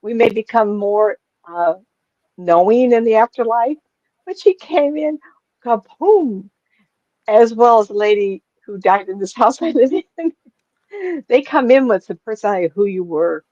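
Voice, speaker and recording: A woman's voice: on the high side, animated, normal speed, dark tone, dry recording, muffled recording. A woman in her seventies, a psychic medium, chatting casually over a video call in a rambling, chuckling way. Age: 70s. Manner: rambling storyteller, chuckles often. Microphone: webcam on a video call.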